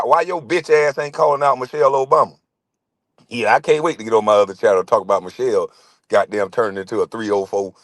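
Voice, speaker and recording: A man's voice: mid-range voice, no echo. A middle-aged man hosting his own channel, ranting to camera in a confrontational, constantly swearing monologue. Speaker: channel host.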